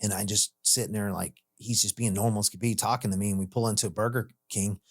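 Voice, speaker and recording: With a fairly low, steady voice and a quick pace, a man tells a story from his own life in casual podcast chat. He rambles and swears, peppers it with "like" and "dude," and acts out the voices of the people involved.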